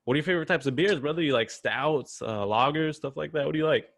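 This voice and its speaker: A man's voice: a little high, fast talker, vocal fry, fairly bright tone. A young man hosting a casual podcast, easygoing and jokey, often calling his guest man or bro. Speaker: podcast host. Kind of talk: casual chat.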